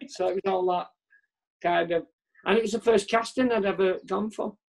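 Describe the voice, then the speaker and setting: This comedian's high, gravelly voice keeps a fairly even intonation at a moderate pace. Interviewed remotely over a video call, he chats candidly, rambling, mocking himself, and leaving sentences unfinished.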